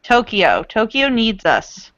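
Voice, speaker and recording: A woman's voice: fairly high pitch, sing-song, slow, a bit bright, no echo, highs cut off, full character voice. A woman voicing a stern, bossy middle-aged mother who scolds her grown daughter. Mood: scolding.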